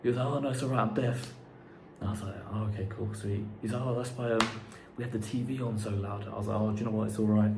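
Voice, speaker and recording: A man's voice: lowish voice, steady tone, fast talker. A young man chatting casually to camera, rambling and swearing now and then, in an unfinished house. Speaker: vlogger. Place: unfinished house under renovation, indoors. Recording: echoey empty room, faint background noise.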